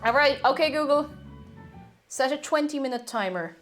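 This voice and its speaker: Woman, live-stream baking chat, high voice, very animated pitch, soft music underneath. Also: normal speed. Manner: chatty, reads chat aloud, bursts of excited whoops. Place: home kitchen.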